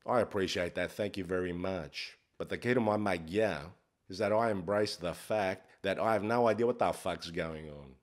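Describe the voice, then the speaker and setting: A man's voice: low voice, normal speed, natural voice. A man playing a brash, crude life coach, swearing in a swaggering, mock-profound comic monologue. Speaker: comedy character host.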